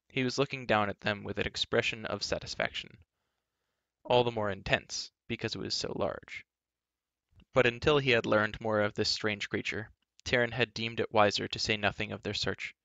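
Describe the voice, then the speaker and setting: Gravelly man reading a storybook aloud. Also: on the low side, no echo, lo-fi sound. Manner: gentle storytelling, measured. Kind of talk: children's book read-aloud.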